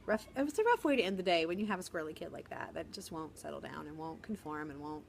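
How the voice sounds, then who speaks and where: A middle-aged woman, a first grade teacher, chatting casually in a vlog from a quiet corner of her school, with a sarcastic humor and quick laughs. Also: sits low, animated, vocal fry, slight background noise.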